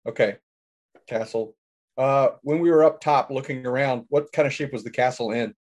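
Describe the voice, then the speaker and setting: A man's voice: medium pitch, moderate pace, a little mellow. A man playing in a tabletop game, chatting casually and often stopping and restarting mid-thought. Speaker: player.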